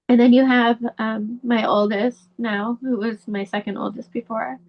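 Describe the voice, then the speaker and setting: Vocal fry colors this middle-aged woman's voice on a muffled recording. Appearing as a guest, the bereaved mother and advocate earnestly and candidly shares a painful family story, her pitch lifting when she becomes emotional.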